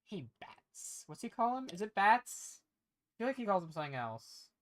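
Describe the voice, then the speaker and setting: A woman's voice: medium pitch, sing-song, moderate pace. A woman chatting casually to herself as she paints, rambling and playful. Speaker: streamer painting on camera. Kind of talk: casual chat while painting.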